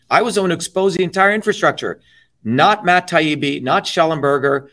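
Blunt, emphatic man, slightly high voice. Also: fairly bright tone. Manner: emphatic, blunt and profane, with many you-knows. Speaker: interviewee, political candidate. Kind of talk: impassioned political talk.

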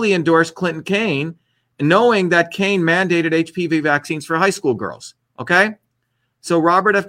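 A man holds forth on his own livestream in a combative, emphatic rant. His voice is bright and sits fairly high, and he circles back to repeat his points again and again. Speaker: host of an online livestream. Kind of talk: ranting political commentary.

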